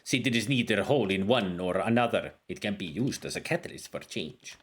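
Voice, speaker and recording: A man voicing a scholarly male desert wizard in a game, reading slowly and deliberately in a put-on foreign accent. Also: lowish voice, expressive, a bit bright. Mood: earnest.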